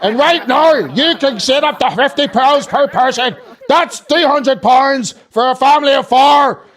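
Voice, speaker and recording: A man voicing an upbeat male TV advert announcer with a bright, salesy delivery. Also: very high-pitched, a little slow, pitched above the performer's own voice. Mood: cheery.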